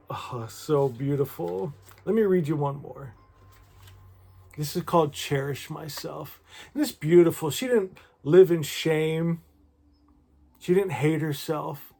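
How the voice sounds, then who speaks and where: A man talking warmly to his viewers and reading devotional poems aloud in a gentle, emotional, effusive way. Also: fairly high pitch, slow, gravelly. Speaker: spiritual vlogger. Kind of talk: heartfelt talk and poetry reading to viewers.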